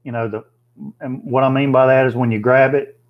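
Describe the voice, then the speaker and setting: A man's voice: mid-range voice, little pitch movement, brisk, narrow, tinny audio. A man hosting a casual livestream, chatting plainly with viewers and thinking aloud with fillers. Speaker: livestream host. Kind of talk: casual live chat reading viewer comments.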